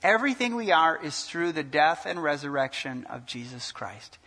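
A male pastor preaching a sermon in an animated way, asking the congregation questions and joking. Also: a little high, normal speed. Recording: long hall reverb.

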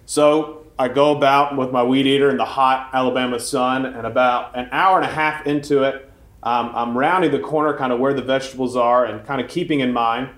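Priest preaching a homily in a roomy church. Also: male voice, medium pitch, a little fast. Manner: conversational storytelling, relaxed with fillers. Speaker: Catholic priest. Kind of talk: homily with a personal story.

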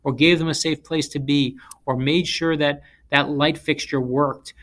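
A man who is an author, from South Florida, telling stories in an interview in an emphatic, animated way. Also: on the high side, measured pace. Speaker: author and guest speaker. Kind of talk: interview storytelling.

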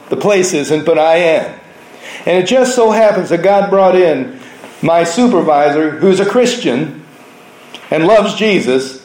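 A man preaching a sermon, telling stories from his week in an earnest way, now softly, now with force. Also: sits high, reverberant, low-quality recording. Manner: earnest storytelling preaching, shifting between soft and raised delivery.

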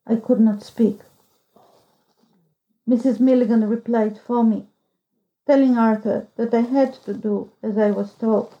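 A woman narrating a story as an audiobook reader, in a slow, measured storytelling manner, on a dull lo-fi recording. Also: a little high, steady tone. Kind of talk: scripted narration.

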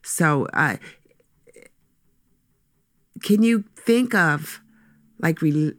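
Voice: medium pitch, expressive, extremely slow, fairly bright tone, dry recording, studio quality. An interviewer asking about ministry work in a hesitant way, with many fillers. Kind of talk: conversational interview.

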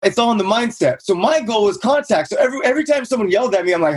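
A Southern California man in his thirties, a real estate investor appearing as a guest, tells his own story in a casual interview. He talks at a racing pace with a breathy edge, an energetic storyteller who acts out quotes in a higher, raised voice.

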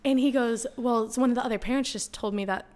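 A woman's voice: fairly high pitch, quick pace. Young woman guest chatting away, lots of "like", laughing through her stories. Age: young adult. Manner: animated, heavy use of "like", laughs while telling stories. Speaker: podcast guest. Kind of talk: casual storytelling chat.

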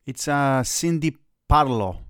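A man with a foreign accent, calm and drily skeptical, co-hosting a casual soccer chat. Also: mid-range voice, slow, smooth, no echo, clean studio sound. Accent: non-American. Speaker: soccer podcast co-host.

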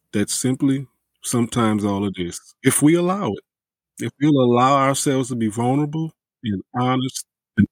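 A man's voice: medium pitch, no echo, rough recording. A man hosting a podcast interview, reflective, speaking directly to his listeners. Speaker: podcast host.

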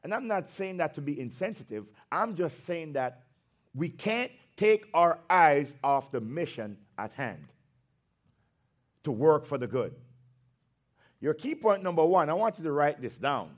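A man's voice: on the high side, very animated. A male pastor preaching a sermon, drawing out his words for emphasis and breaking into conversational asides between scripture readings. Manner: slow, emphatic preaching with drawn-out phrases.

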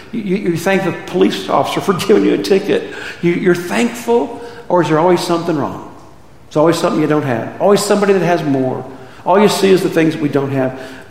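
A man's voice: fairly high pitch, a little mellow. Preaching man in an echoey hall. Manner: conversational preaching with rhetorical questions. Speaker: pastor. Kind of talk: sermon. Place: church sanctuary.

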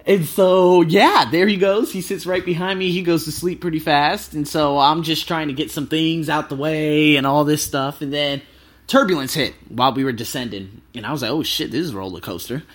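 A thirty-year-old man, a travel vlogger, telling stories casually and excitably, swearing freely. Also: a little high, moderate pace. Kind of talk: casual storytelling.

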